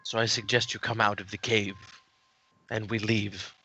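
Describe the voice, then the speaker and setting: Man doing a mysterious stranger, slow formal speech, low bright voice, faint music behind. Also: level tone, slightly rough, exaggerated voice. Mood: calm. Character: mysterious male stranger repaying a debt.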